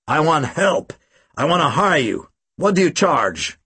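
A man voicing a drunk, gruff American man of about forty with an American accent, speaking in a slow growling drawl. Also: fairly high pitch, big pitch swings, bright, forceful tone, no room sound, exaggerated voice.

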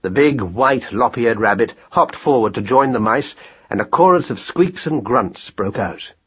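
A man narrating a children's story in an expressive audiobook style, on a dull lo-fi recording. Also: mid-range voice, unhurried, breathy edge.

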